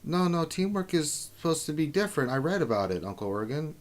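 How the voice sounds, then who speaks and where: A man voicing a timid, bookish young girl who calls her guardian uncle, speaking in a high, eager voice. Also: very animated, fast talker. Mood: earnest.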